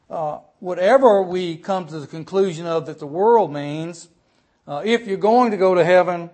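A man with a fairly high voice preaches a sermon. His delivery is earnest, with frequent "uh" fillers and repeated words. When he reads scripture, he slows down and stresses the words. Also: a little mellow. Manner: reads scripture aloud slowly and with emphasis. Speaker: pastor.

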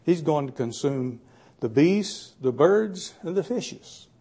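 A man preaching a Bible study sermon in a plainspoken, folksy way, pausing often to gather his thoughts. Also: a little high, lively intonation, dark tone, breathy edge. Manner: folksy, plainspoken with frequent "uh" pauses.

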